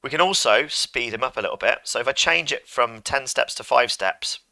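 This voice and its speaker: A man's voice: medium pitch, expressive, moderate pace, gravelly, sharp tone, no room sound. A man teaching a coding lesson to pupils, chatty and playful as he talks through each step on a computer microphone. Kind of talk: screen-recorded coding lesson.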